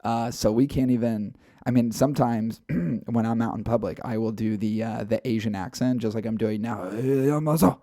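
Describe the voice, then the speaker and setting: Guy cohosting a podcast, lowish mellow voice, rambly, dry close mic. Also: steady tone, moderate pace, few pauses, no room sound. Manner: loose, rambling delivery with fillers. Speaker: podcast co-host. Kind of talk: casual podcast banter.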